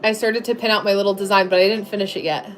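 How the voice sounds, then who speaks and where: A woman's voice: medium pitch, fairly even intonation, fast. A woman in her thirties chatting casually on a livestream, answering viewers with lots of fillers and restarts.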